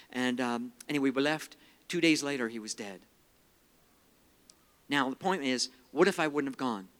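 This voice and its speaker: A middle-aged man preaching a sermon, telling personal testimony in an earnest storytelling manner and quoting scripture. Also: mid-range voice. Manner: earnest storytelling, quotes scripture, drops quiet for emotional parts. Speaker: evangelist speaker.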